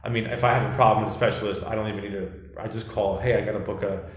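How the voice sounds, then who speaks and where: A man hosting a podcast in casual chat, relaxed and questioning, swearing now and then. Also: on the low side, racing. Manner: laid-back, swearing, asks questions. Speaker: podcast host. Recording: echoey room.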